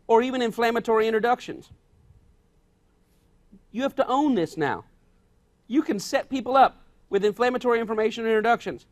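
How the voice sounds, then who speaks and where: High-voiced male pastor preaching folksy. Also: brisk, long pauses. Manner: emphatic, repeats key points, acts out quoted dialogue; folksy, plain-spoken. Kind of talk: sermon.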